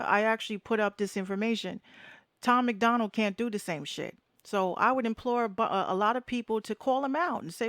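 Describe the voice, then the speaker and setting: A woman's voice: mid-range voice, no room sound, studio quality. A woman with a Bronx accent hosting a live podcast, ranting bluntly and swearing freely from home. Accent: New York, Bronx. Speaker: host. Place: home room with air conditioner running.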